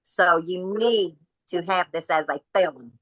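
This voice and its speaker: A woman's voice: on the low side, moderate pace, dry recording, low-quality recording. A woman, a podcast guest telling her story from home, bluntly acting out what each person said. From Kentucky. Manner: blunt, animated retelling of dialogue.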